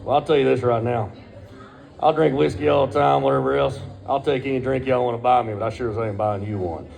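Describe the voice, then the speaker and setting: A man's voice: mid-range voice, steady tone, brisk, creaky, darkish tone, faint music behind. A middle-aged man, telling a crude, profane personal story in a laid-back way.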